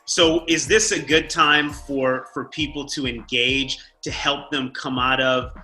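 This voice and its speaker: A man hosting an interview over a video call, asking thoughtful, halting questions. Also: medium pitch, steady tone, pushed and bright, soft background music, poor audio. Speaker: interview host.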